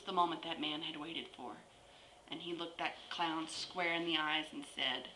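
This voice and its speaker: A woman telling a long shaggy-dog joke as a story, with drawn-out pauses between phrases. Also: sits low, steady tone, sharp tone, slight background noise. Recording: echoey room with faint ambience.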